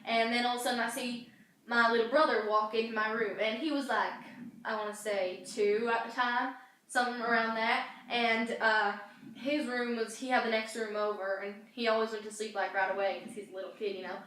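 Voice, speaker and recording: A woman's voice: fairly high pitch, steady tone, a little fast, a bit bright. A young woman casually telling a story, rambling with many fillers and restarts. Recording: very echoey room, far from mic, faint noise.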